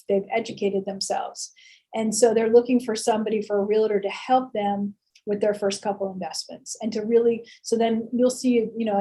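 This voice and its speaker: Poorly recorded, this real estate instructor speaks in a warm, mid-range voice. Her lecture is relaxed and talkative, peppered with fillers, false starts, and rhetorical questions.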